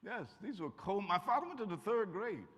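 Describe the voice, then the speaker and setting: Telling stories to college students as a guest speaker, this older Kentucky man has a bright, ringing, husky voice pitched a bit above the usual for a man, with big pitch swings and a fairly quick pace. He's folksy and joking with warm humor, acting out quotes. The talk is in a college auditorium, and the recording carries a large hall's long echo.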